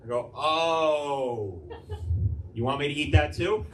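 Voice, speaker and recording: A man's voice: on the high side, takes it slowly, heavy background noise. A man doing a crude stand-up comedy set in a club, rambling loosely and acting out quotes. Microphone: handheld stage mic, recorded from the room. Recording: echoey club recording from far off.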